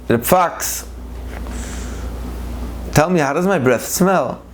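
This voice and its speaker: A man's voice: on the high side, animated, slow pace, slight background noise, voice pushed up. Man playing a hot-tempered lion king. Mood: imperious. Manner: demanding, indignant. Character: haughty short-tempered male lion king.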